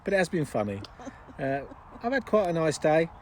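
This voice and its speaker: A man's voice: a little high, big pitch swings, normal speed, slight background noise. A man chatting casually and jokily to camera, rambling with fillers. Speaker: vlogger. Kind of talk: casual vlog chat. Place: outdoors at a marina.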